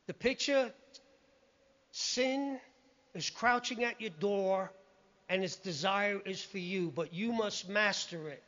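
In a muffled, lo-fi recording, a man preaches a sermon conversationally and emphatically, frequently quoting scripture. His voice sits high and sounds a bit bright.

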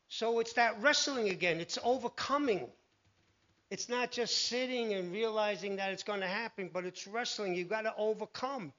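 A man preaching a sermon, animated, telling Bible stories and acting out the voices in them. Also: high voice. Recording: dull lo-fi recording.

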